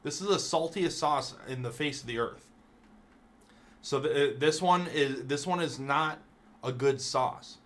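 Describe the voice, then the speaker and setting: A man's voice: medium pitch, measured pace. A man streaming live, ranking things in a casual, profane, mock-outraged rant.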